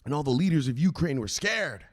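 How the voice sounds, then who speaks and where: A man's voice: on the low side, normal speed. A man hosting a crypto news livestream, chatting casually, joking, swearing and greeting viewers by name. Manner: animated, profane, joking, greets chat by name.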